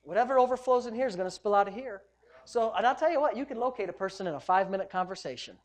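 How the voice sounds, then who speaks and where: Middle-aged male pastor, lively joking sermon delivery. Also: high-pitched, racing. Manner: animated, joking, preacherly exclamations.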